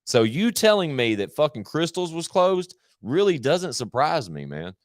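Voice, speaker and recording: A man's voice: fairly high pitch, sing-song, moderate pace, no room sound, studio quality. A man chatting casually on his live stream, rambling, slangy and full of swearing.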